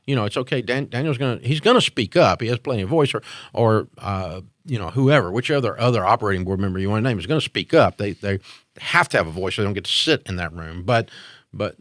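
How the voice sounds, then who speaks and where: A man's voice: on the low side, a bit bright, dry recording, clean studio sound. A man in his sixties, a business owner answering interview questions in a blunt, opinionated way with frequent fillers.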